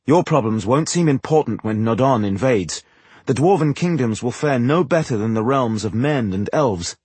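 A man's voice: mid-range voice, expressive, normal speed, darkish tone, husky, no echo. A man putting on a scornful proud sorceress. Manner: blunt, scornful.

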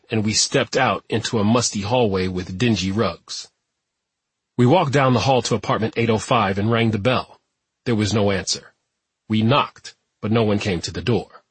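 A man reading an audiobook narration in a steady, even manner. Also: lowish voice, slightly rough, no echo. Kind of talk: scripted narration.

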